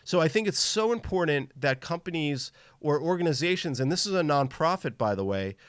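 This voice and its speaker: A man's voice: on the high side, expressive, brisk, a bit bright, smooth, dry recording, studio quality. A man hosting a live gaming podcast in casual chat, upbeat and tired from travel, greeting viewers by name. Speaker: podcast host.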